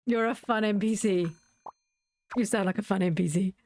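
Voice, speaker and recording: A woman's voice: medium pitch, moderate pace, a little mellow, dry recording. A woman giving casual, playful commentary while she plays a video game. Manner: chatty and playful. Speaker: game streamer.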